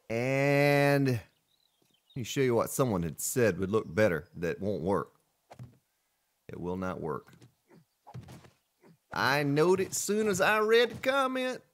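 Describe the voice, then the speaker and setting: A man's voice: mid-range voice, fairly bright tone. A man hosting a let's play, chatting casually in a folksy, playful way while he plays. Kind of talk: casual gameplay commentary.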